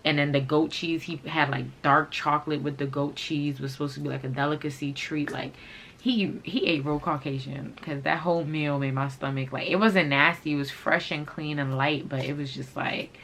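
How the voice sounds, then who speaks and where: Low-voiced woman telling a profane storytime. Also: measured pace, a little hiss or hum. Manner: animated, profane, slangy storytelling. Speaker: vlogger. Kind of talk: casual storytime.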